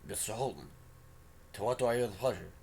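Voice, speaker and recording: A man's voice: lowish voice, quick pace, creaky, a little mellow, slight background noise. A man voicing a tall, arrogant middle-aged male scientist in a game read-aloud, speaking in a smug, condescending way.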